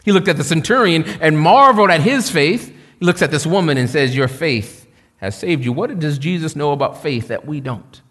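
A man's voice: fairly high pitch, animated, brisk, hardly any pauses, fairly bright tone, breathy edge. Male preacher in a reverberant hall. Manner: conversational storytelling with humor. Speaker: pastor. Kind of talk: sermon.

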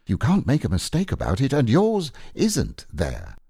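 A kind, simple bear from a storybook, as a man reading aloud puts him on, talks in an earnest, lifted voice that swings up and down. The lift sits above the reader's own deep voice. The room is dry and close. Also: wildly swooping pitch, unhurried, warm tone, slightly rough, no room sound, exaggerated voice.

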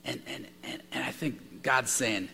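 A man's voice: medium pitch, sing-song, unhurried, creaky, pushed and bright, breathy edge. A man preaching a sermon to a room, telling stories and often repeating his words as he goes. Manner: storytelling with frequent repeated words. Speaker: pastor. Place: large room with an audience. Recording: long hall reverb.

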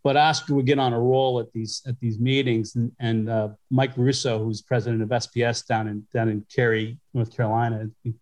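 A man's voice: mid-range voice, flat delivery, a little fast, few pauses, a little mellow. A middle-aged man from Western New York, a podcast guest recalling his career in a rambling, conversational way full of restarts and fillers. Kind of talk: conversational storytelling.

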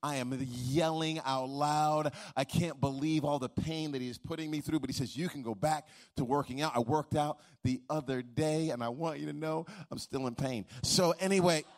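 A man's voice: on the high side, steady tone, moderate pace, hardly any pauses. A middle-aged man delivering a sermon. He tells a story with humor and stumbling restarts, then swells into a rhythmic, preacher's cadence. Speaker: pastor.

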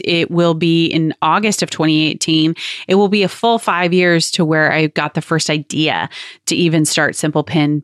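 A woman's voice: on the low side, no echo, clean studio sound. A woman in her thirties hosting a podcast, telling a personal story in a candid, conversational way with a few fillers. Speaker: podcast host and business owner.

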